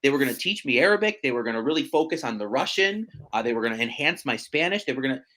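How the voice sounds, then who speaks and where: A man, a real estate agent chatting as a podcast guest, animated and self-deprecating with quick asides. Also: mid-range voice. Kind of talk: casual podcast conversation.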